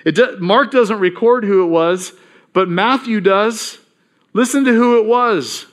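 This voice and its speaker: A man's voice: high voice, measured pace. A man preaching a sermon in a conversational way, reading scripture aloud and acting out the voices in it. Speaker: pastor.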